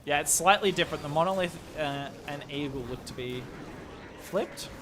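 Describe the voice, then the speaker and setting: A young Australian man streams live commentary on a strategy game, giving excitable play-by-play and chatty asides to viewers. His voice is fairly high at a normal speed, with background noise.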